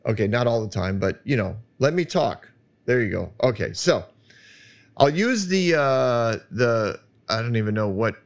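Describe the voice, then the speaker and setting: A man's voice: mid-range voice, vocal fry. Emphatic male podcaster, slightly muffled. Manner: animated and emphatic, gets loud. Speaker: podcast host. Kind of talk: solo podcast monologue. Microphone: studio microphone.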